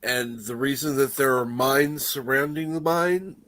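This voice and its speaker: A man's voice: medium pitch, steady tone, unhurried, fairly bright tone. A man in a casual live-stream chat who makes dry jokes and greets viewers.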